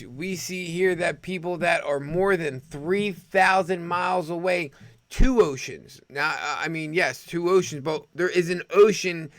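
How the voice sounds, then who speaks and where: A man's voice: fairly high pitch, a bit bright, dry recording. A man hosting an opinionated news commentary show, sarcastic and rambling as he reads headlines. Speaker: host.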